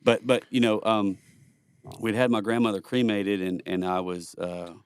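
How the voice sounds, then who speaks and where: A man's voice: lowish voice, steady tone, moderate pace, clean tone, dry recording. A middle-aged man, a podcast guest, telling personal stories in a rambling, earnest way with blunt swearing. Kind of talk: casual storytelling conversation.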